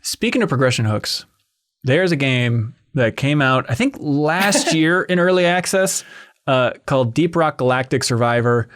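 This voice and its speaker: A man hosts a loose roundtable about games in a voice of ordinary middle pitch. He talks chattily, piling up fillers and restarting sentences as he goes. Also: expressive, moderate pace, a bit bright. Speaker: podcast host. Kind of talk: casual roundtable chat.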